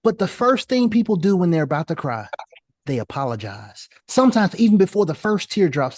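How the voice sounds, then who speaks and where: A coach speaking passionately on a panel, animated and preacher-like, who fires off rhetorical questions. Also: medium pitch, fairly quick, no room sound, studio quality.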